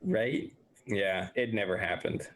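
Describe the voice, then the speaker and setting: A man's voice: on the low side, slow pace, fairly bright tone. A man playing a tabletop game who laughs often and thinks aloud. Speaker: player.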